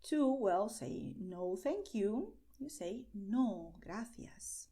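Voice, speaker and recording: Slow, patient Spanish-accented woman teacher. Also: mid-range voice, big pitch swings, warm tone. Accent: Spanish, from Spain. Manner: patient explanations, slow careful model phrases, frequent "okay?". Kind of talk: online language lesson.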